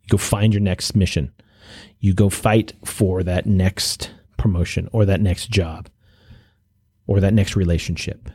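A man with a low, dark, husky voice hosts a podcast and urges his listeners on in an earnest motivational monologue. He often restarts his sentences and pauses. The sound is close and dry, with no room around it. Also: steady tone, no room sound. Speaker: podcast host.

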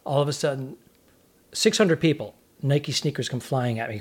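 A comedian co-host tells an animated, laugh-filled story about a rough gig in casual podcast chat. His voice sits at an ordinary male pitch. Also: moderate pace.

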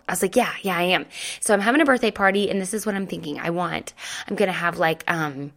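Woman, 30s, casual storytelling, animated, chatty, quotes dialogue. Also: on the low side, quick pace.

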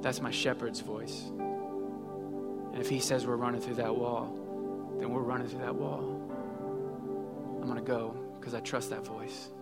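A man's voice: mid-range voice, little pitch movement, measured pace, creaky, pauses often. A man in his thirties preaching a sermon in a conversational way, acting out little quotes as he goes. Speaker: pastor. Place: church sanctuary. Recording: long hall reverb with faint music.

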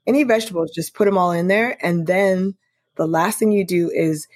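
A woman's voice: fairly low pitch, normal speed, a little mellow, dry recording, studio quality. A woman co-hosting a podcast, chatting casually and enthusiastically. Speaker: podcast co-host. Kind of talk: casual chat.

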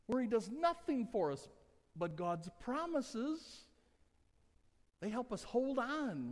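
A man preaching a sermon as pastor, with humor, moving between soft conversational asides and loud emphatic passages. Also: sits high. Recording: long church hall reverb.

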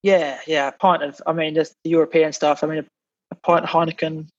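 A man's voice: on the high side, level tone, a little fast, dull audio. A man from England, a podcast guest in casual chat, blunt and swearing, with many restarts as he grumbles.

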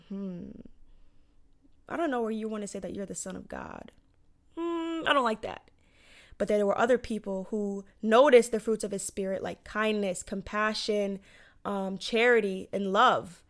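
A young woman casually retelling a Bible story to her viewers, chatty and slangy with lots of "like" and "you know". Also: mid-range voice.

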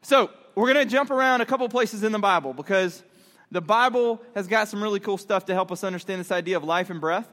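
A man preaching to a youth group, animated and conversational, telling a story and laughing along. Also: sits high, fast. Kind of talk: storytelling sermon. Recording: long hall reverb.

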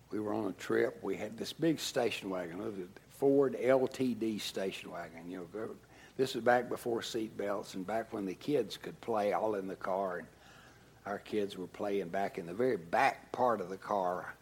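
Slow-talking preacher man, kinda husky, goes hushed then loud telling a story. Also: on the low side. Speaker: pastor. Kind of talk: sermon.

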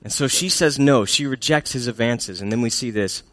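A man's voice: medium pitch, normal speed, fairly bright tone, no room sound. A man preaching a sermon in a church, speaking in a humorous, conversational way and asking the congregation questions. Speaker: pastor.

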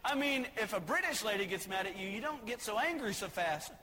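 In a church sanctuary, a male pastor delivers a sermon while a long reverb trails each phrase over a faint background hiss. His high, bright voice moves briskly with lively intonation. Between points of plain teaching, he tells folksy, joking stories.

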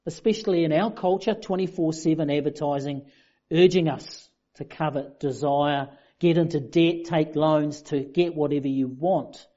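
A man's voice: on the high side, normal speed, dark tone. A man preaching a sermon in a conversational, self-deprecating way. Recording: dull lo-fi sound.

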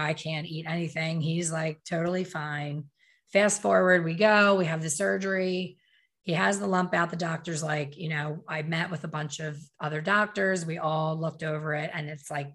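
A woman's voice: low-pitched, a bit bright. Emotional middle-aged woman telling a story. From Philadelphia. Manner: emotional, candid, quick asides and self-corrections. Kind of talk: personal storytelling.

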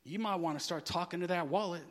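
A man preaching a sermon, asking the listeners to fill in words and swinging between quiet, low asides and loud, shouted emphasis. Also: fast, slight background noise. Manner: asks the crowd to finish his sentences.

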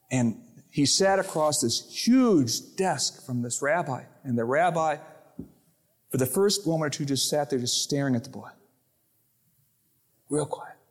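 A male pastor preaching with a high, very lively voice that leaps up and down. He throws himself into his sermon and acts out the voices in his quotes and stories. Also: unhurried, pauses often. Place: church sanctuary.

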